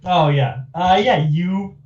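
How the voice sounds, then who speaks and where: A man's voice: high-pitched, takes it slowly, a little mellow, echoey room, distant mic, muffled recording. A man narrating as game master of a tabletop game, with a loose, chatty delivery and many fillers.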